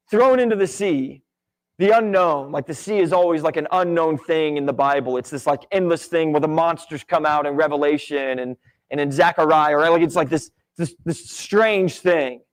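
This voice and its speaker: Chatty male Bible teacher, fairly high voice. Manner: conversational, many "right?" and "like" asides. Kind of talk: casual Bible lesson. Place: church.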